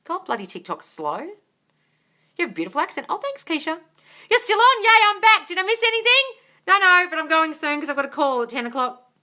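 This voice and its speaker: In a very high, sing-song voice with a sharp tone, a woman talks briskly. She hosts a live-stream Q&A as a manifestation coach, reading out what viewers comment and answering bubbly, squealing and laughing often.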